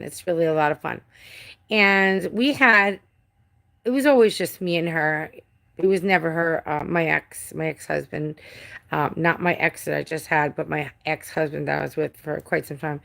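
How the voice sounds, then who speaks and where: A woman's voice: lowish voice, gravelly. A middle-aged woman hosting a casual live stream from home, rambling, restarting sentences and swearing now and then. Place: home with a cat.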